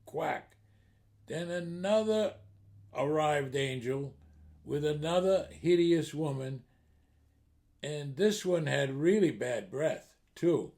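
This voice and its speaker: Gravelly man telling jokes. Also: fairly high pitch, slow pace. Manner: storytelling, steady build-up to punchlines. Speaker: joke teller. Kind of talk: comedic joke telling.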